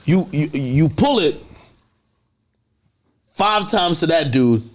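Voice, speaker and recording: A man hosting a casual interview, asking eager questions with quick stammered restarts. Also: on the high side, lively intonation. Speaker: host.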